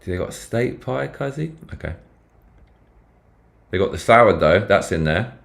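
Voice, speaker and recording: A man with a British accent chats casually on a live stream, his voice fairly low and a little slow with some vocal fry. He swears freely and gets excitable, reacting out loud to whatever he's reading.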